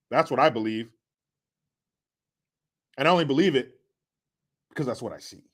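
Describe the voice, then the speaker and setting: This middle-aged host of a casual political commentary stream speaks at normal speed in a medium pitch, leaving long pauses. He reads viewer comments aloud and mocks them sarcastically, sometimes loudly and sometimes under his breath.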